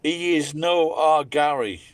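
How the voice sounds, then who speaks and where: A man's voice: a little high, takes it slowly, no room sound. A Scottish man delivering a blunt, heavily profane, opinionated rant in a casual monologue. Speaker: vlogger.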